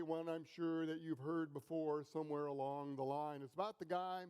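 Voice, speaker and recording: Slow, high-voiced middle-aged pastor preaching. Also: male voice, a little mellow, clear, resonant tone. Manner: slow, deliberate storytelling with pauses. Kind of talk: sermon.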